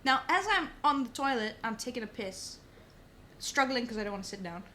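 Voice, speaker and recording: A young woman, a podcast guest, telling a story in casual chat, animated and swearing often. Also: a little high, fairly quick, a little hiss or hum. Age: young adult. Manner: animated, swears a lot, says "bro" often.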